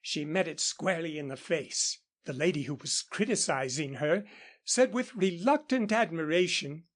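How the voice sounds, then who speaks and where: A man reading a classic novel aloud as an audiobook in a steady, even narration. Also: on the high side, moderate pace. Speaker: audiobook reader. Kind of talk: scripted narration.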